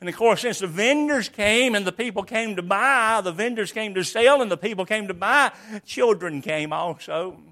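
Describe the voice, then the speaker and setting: A man delivers an expository sermon in a high voice. He drops to a hush and then bursts out loud as he acts out the lines he quotes. His delivery moves between slow, drawn-out phrases and quick asides. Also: lively intonation. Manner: expository preaching with sudden loud acted-out quotes. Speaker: preacher.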